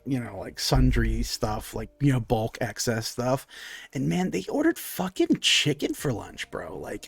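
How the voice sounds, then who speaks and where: A man's voice: medium pitch, gravelly, slightly rough, dry recording, heavily acted. A man voicing a nervous, greasy male halfling cook on his first shift, hesitant and fumbling, full of uhs and sudden curses.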